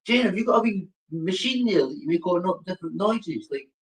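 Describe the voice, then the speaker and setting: Man with a higher voice, asking questions. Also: lively intonation, a little fast, poor audio. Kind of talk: casual livestream chat.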